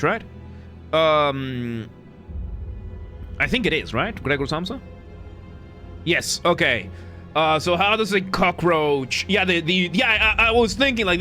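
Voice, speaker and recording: A male streamer with a bright, forceful voice, pitched a little high, chatting loosely as he plays. He rambles, corrects himself mid-sentence and cracks jokes at chat, with faint game music under him. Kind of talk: casual live-stream commentary.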